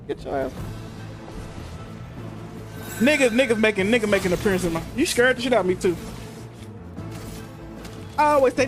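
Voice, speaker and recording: A young man streaming from his room, telling stories in casual, profane, animated chat. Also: very high-pitched. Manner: animated, profane storytelling with frequent laughs. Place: home room.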